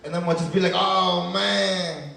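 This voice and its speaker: A man's voice: sits high, steady tone, normal speed, creaky, bright, forceful tone. A young man from Chicago doing a casual stand-up set, tagging lines with "man" and "right?". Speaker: stand-up comedian. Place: comedy club stage. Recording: echoey club heard from a distance.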